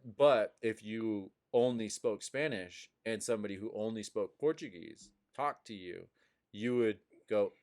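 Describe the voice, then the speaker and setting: Male podcast host, low register, loose animated storyteller. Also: unhurried. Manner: animated storyteller, swearing, laughing. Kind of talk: casual chat.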